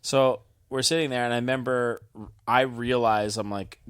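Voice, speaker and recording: A man co-hosting a podcast, telling stories in a laid-back way full of fillers and swearing. His voice sits at an average pitch and sounds close and dry, with no room around it. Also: steady tone, moderate pace, clear, resonant tone, dry recording. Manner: laid-back storyteller, profane, filler-heavy. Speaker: podcast co-host. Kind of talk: casual chat.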